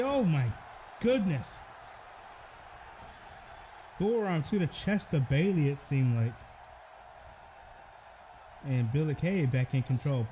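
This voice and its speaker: A young man giving excitable play-by-play commentary over a wrestling video game, breaking into shouted exclamations. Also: on the high side, slight background noise.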